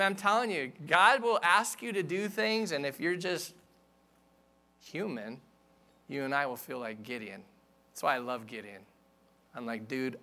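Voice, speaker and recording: A middle-aged male pastor preaching in a candid, self-deprecating, conversational manner. His voice sits a little higher than most men's and sounds bright and forceful. He speaks directly to the congregation as if chatting with them. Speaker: senior pastor. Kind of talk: sermon.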